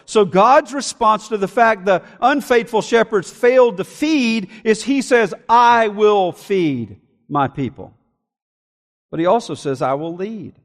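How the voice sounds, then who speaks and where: A pastor preaching a sermon with an emphatic, repetitive cadence, reading scripture aloud and expounding on it. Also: male voice, sits high. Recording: long hall reverb.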